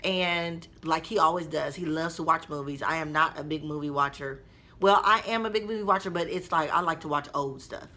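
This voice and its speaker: A woman telling a story to her viewers in a casual vlog, chatty and expressive, talking straight to her audience. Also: low-pitched, brisk. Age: adult mother. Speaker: vlogger.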